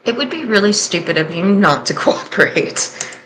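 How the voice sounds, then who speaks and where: A woman's voice: mid-range voice, lively intonation, moderate pace, a bit bright, a little hiss or hum, low-quality recording. A woman hosting a reaction commentary, candid and sarcastic in her skeptical remarks. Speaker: host and commentator.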